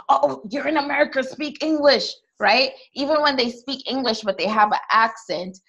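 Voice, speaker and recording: A woman's voice: medium pitch, a bit bright, muffled recording. Young woman, Trinidadian accent, podcast co-host; candid, emphatic, conversational delivery. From Trinidad and Tobago. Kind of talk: casual chat.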